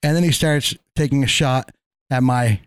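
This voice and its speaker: A man's voice: mid-range voice, moderate pace, clean tone, no echo, clean studio sound. A man co-hosting a podcast, telling a story in casual banter, swearing freely and acting out what people said. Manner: profane, animated, acts out quoted exchanges. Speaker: podcast co-host.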